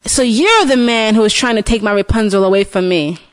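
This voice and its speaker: A woman voicing a jealous, possessive old witch in a storybook retelling, with shrill outbursts. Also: a little fast, clean tone, no room sound, studio quality, close to an everyday voice. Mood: menacing.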